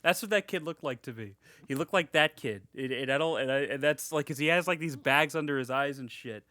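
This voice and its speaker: A man's voice: mid-range voice, fairly quick, pushed and bright, dry recording, studio quality. Rambling, swearing young podcast guy. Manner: rambling, swears a lot, many restarts. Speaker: podcast co-host. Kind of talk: casual chat.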